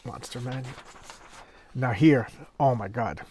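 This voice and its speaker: A man casually paging through an old horror comic, talking with rambling enthusiasm and drifting into soft, quiet asides. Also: medium pitch, slow, breathy edge. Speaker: comic collector reviewing an issue.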